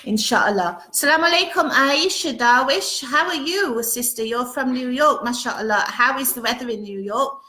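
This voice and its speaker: A woman's voice: high-pitched, moderate pace, few pauses, pushed and bright, slight background noise. A woman hosting a casual live-stream chat from home, greeting viewers one by one and reading out their comments. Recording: roomy echo.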